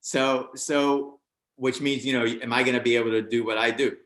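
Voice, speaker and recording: A man's voice: medium pitch, fairly even intonation, normal speed, fairly bright tone, reverberant. An older man, a stand-up comedian, telling a show-business anecdote in a casual interview and acting out other people's lines in a raised voice.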